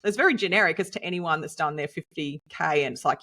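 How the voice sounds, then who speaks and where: An Australian woman co-hosting a podcast, telling a story in a lively, chatty way and laughing often. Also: fairly low pitch, quick pace. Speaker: podcast co-host and nutritionist. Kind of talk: casual storytelling chat.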